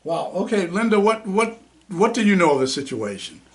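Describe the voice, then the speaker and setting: A man hosting a talk show, excitable and prone to repeating himself. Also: high-pitched, moderate pace. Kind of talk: casual talk radio.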